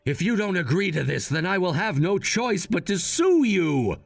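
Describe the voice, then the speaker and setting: A man's voice: high-pitched, sing-song, normal speed, vocal fry, no room sound, faint music behind, heavily acted. A man playing a cold, unbending adult son. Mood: firm. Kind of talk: scripted drama voice-over.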